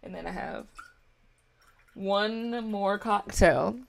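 A woman reacting to music in a loose, casual chat, gushing and full of slang. Her voice has a gravelly fry running through it, sitting at an everyday middle pitch. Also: takes it slowly. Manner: effusive, slangy, talks back to the song.

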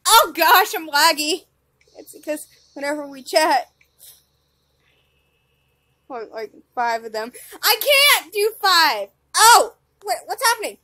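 Very high-pitched excitable woman gamer. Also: takes it slowly, pauses often, no echo. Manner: excitable, squealing and laughing often. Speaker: gaming channel host. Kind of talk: live gameplay commentary.

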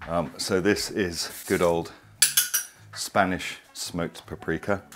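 Over music, a middle-aged cooking show host with a deep voice and fairly even intonation speaks slowly as he runs a casual demonstration in his home kitchen. He chats enthusiastically and wanders off topic.

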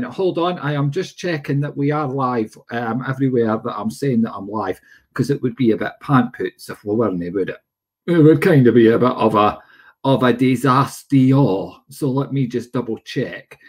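Speaking at a normal pace with a husky, medium-pitched voice, this man runs a live psychic stream. He chats casually and welcomes viewers by name.

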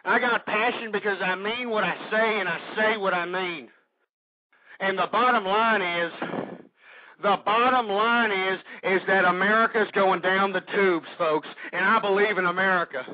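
A man's voice: high voice, fairly even intonation, a little slow, pauses often, a little hiss or hum. A man hosting an internet talk radio show, delivering a fervent, repetitive political rant with crude language. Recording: dull lo-fi internet radio recording.

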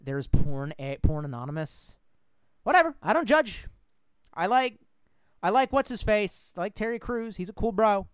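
A man's voice: high-pitched, big pitch swings, moderate pace, smooth, no room sound. A man chatting frankly on a live stream, rambling, swearing freely and reading out viewer comments.

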